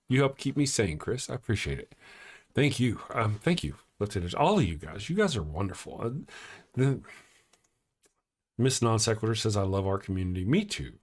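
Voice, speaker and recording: Picture a man hosting a relaxed livestream, chatting to his audience at a middling pitch. He rambles, jumps from loud teasing rants to soft, sincere thanks, and often restarts his sentences. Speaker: host of a live morning show. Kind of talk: casual livestream chat, reading the chat aloud.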